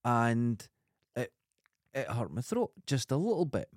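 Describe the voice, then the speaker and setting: A man's voice: mid-range voice, wildly swooping pitch, a little slow, no room sound. Chatty Scottish man, dry close sound. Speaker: podcast co-host. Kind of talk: casual chat.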